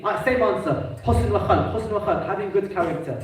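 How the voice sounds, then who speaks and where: A man giving an emphatic mosque sermon, with quick Arabic quotations between his English. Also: high-pitched, lively intonation. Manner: emphatic, rising into declamation, quotes Arabic quickly. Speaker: preacher giving a majlis. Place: mosque hall. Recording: echoey mosque hall, mic at a distance.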